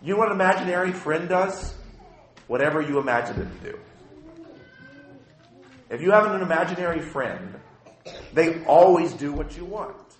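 A man preaching a sermon as a pastor, impassioned and shifting between quiet and loud passages. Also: fairly high pitch, lively intonation, normal speed, long pauses, echoey room.

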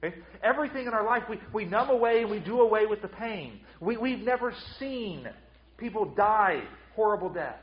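Emphatic preacher in an echoey church. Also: male voice, high voice, lively intonation, brisk, dull audio. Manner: emphatic, repeats words on restarts. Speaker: pastor. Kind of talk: sermon.

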